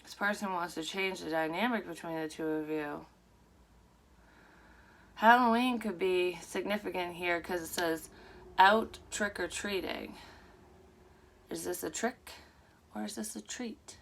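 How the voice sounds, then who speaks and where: A woman with a fairly low voice reads tarot cards for her viewers in a loose, wandering way, cursing casually between thoughts. A faint hum of ambience sits behind her. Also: measured pace, gravelly, pauses often, fairly bright tone. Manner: rambling, frank, swears often. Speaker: psychic tarot reader. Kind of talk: casual tarot reading to camera.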